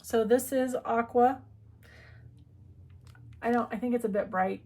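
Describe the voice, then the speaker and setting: Chatty, rambling woman with a fairly high voice. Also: steady tone, unhurried, a little mellow. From United States. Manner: chatty, rambling, self-interrupting. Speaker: needlework shop owner. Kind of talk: casual chat.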